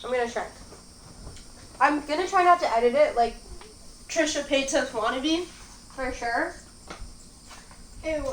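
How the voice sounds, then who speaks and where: A chatty young woman rambles through a casual eating vlog, her voice sitting a little high. The room adds a noticeable echo, with a faint hiss of background noise underneath. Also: a bit bright. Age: young adult. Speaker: mukbang host.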